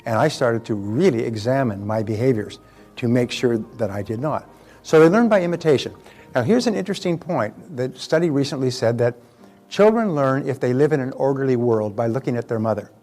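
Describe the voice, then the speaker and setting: A man's voice: mid-range voice, expressive, a little fast, a little mellow, faint music behind. An older man giving a motivational talk in a conversational way, telling stories and repeating words as he goes. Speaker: motivational speaker.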